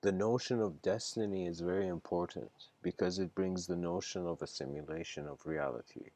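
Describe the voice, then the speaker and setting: A man's voice: low-pitched, steady tone, normal speed, darkish tone, dry recording. A man giving a casual livestreamed lecture, meandering and hesitant with slangy phrasing.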